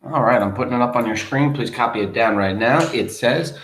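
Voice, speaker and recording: A man's voice: mid-range voice, normal speed, few pauses, a bit bright. A man teaching a grammar lesson, patiently explaining step by step and asking his students questions. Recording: roomy echo.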